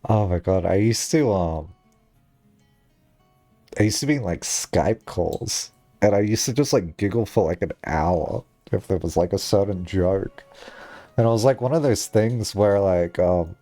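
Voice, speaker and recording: A man's voice: deep voice, unhurried, mellow, dry recording, soft background music. A young man streaming a game, chatting casually and rambling, with frequent giggles and lots of filler words. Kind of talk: casual live-stream chat.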